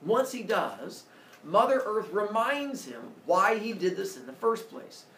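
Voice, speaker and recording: A male teacher tells a myth to his class in a playful, animated way, with a lively voice. He is recorded from a distance in an echoey classroom with faint background hum. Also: high-pitched, measured pace. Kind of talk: storytelling to a class. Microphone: far camera. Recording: echoey classroom, camera far off.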